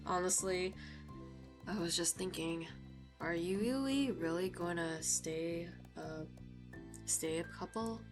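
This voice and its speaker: A young woman streaming a dating game, chatting in a flustered, chatty way as she reacts to it and reads it aloud. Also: lowish voice. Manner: chatty, flustered, quick to react and laugh at the story. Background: faint background music.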